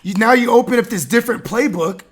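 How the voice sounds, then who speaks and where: High-voiced, animated male podcast host. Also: fast talker, husky. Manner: animated, swearing, laughing often, lots of fillers. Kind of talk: casual sports chat.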